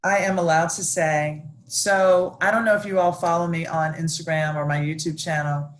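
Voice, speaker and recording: A woman chef, chatting casually and enthusiastically on a live stream, with lots of restarts and excited asides. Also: deep voice, normal speed. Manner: animated, gushing, chatty with many restarts. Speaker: celebrity chef guest.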